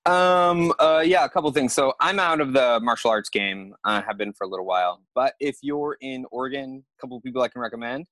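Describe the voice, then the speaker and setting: A man's voice: medium pitch, fairly quick, hardly any pauses, dry recording. Dry-sounding man telling a story. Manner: lively, acts out his own thoughts. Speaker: podcast guest. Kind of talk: animated storytelling.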